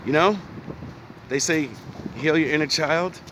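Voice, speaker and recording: A man from New Jersey giving an intense, profane motivational talk in street slang, at times rising to pleading shouts. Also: a little high, unhurried, very noisy. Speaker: motivational speaker. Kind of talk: passionate monologue.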